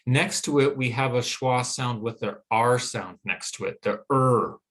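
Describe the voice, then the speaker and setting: A man with a Western American accent gives a phonetics lecture. His voice sits at an ordinary middle pitch. He explains patiently and stretches out each vowel he demonstrates. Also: a little slow, a bit bright. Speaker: teacher.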